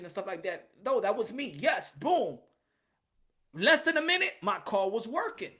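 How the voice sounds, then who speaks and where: A man with a very high voice talks fast on his boxing channel's livestream, reading his chat aloud in a casual, slangy, animated way and repeating himself often.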